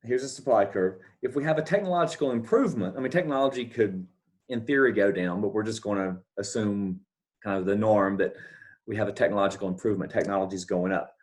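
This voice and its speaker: Here a man with a lowish voice speaks fast through a recorded economics lecture. Working from scribbled notes rather than a board, he goes step by step and repeats key points with checking questions.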